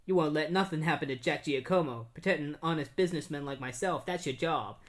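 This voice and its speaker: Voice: mid-range voice, fast, close to an everyday voice. A podcaster reading the lines of a vain, arrogant male gangster in a smug tone.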